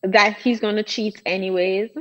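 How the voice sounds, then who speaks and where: A woman's voice: mid-range voice, level tone, normal speed, dull audio. A woman guest on a casual podcast, assertive and matter-of-fact, laying out her arguments in reasoned steps over a remote call.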